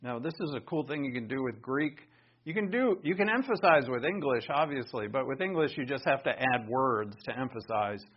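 A man teaching a Bible lesson in sermon style, conversational and animated, raising his voice for emphasis. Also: medium pitch, moderate pace, slightly rough. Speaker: pastor teaching. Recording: dull lo-fi recording.

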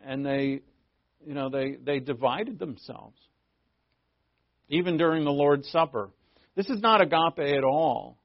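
Animated New pastor, lo-fi sermon. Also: male voice. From New England. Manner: animated and joking, with big pitch swings. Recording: dull lo-fi sermon recording.

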